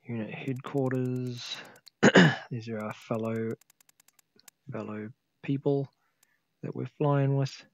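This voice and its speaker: A man's voice: medium pitch, steady tone, slow, vocal fry, pauses often, no room sound. A tired man casually commentating a flight sim game he is playing, thinking aloud and humming to himself. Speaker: gameplay video host.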